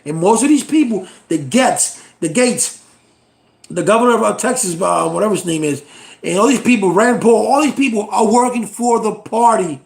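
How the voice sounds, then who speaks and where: A middle-aged man from the United States rants about politics to his viewers. His voice sits high for a man and has a gravelly rasp. He talks bluntly, sounds exasperated and swears freely. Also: lively intonation, moderate pace, roomy sound. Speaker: channel host. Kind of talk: political rant to camera.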